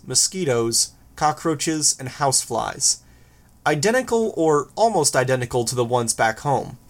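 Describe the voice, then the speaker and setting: Man reading a first-person novel. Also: medium pitch. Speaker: audiobook narrator.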